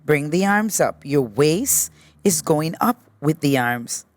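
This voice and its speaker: A woman teacher guiding a yoga class with patient, gently encouraging step-by-step cues. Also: sits low, expressive, no room sound. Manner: slow, patient step-by-step cueing. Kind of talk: guided yoga class instruction.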